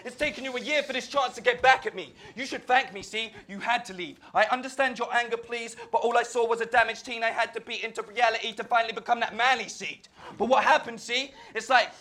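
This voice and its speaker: Relentless high-voiced battle rapper man. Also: fairly even intonation, fast talker, few pauses, pushed and bright. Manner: confident, relentless rhymed insults. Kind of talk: rap battle verses.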